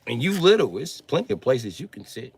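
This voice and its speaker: A man's voice: mid-range voice, big pitch swings, a little fast, breathy edge. A man doing a profane, mocking comedy rant on a live stream, often laughing as he talks.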